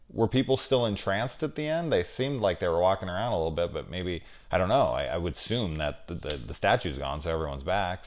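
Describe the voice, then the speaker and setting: A man hosting a casual review show, thinking aloud with many fillers and swinging between loud excited questions and low mumbles. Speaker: TV review host. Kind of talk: casual spoiler discussion.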